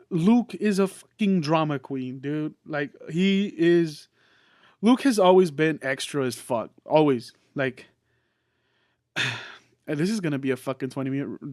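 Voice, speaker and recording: A man hosting a podcast, giving a casual, excitable movie review with plenty of swearing and restarts. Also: fairly high pitch, no room sound, clean studio sound. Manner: excitable, swears freely, many fillers and restarts. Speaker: podcast host reviewing a film.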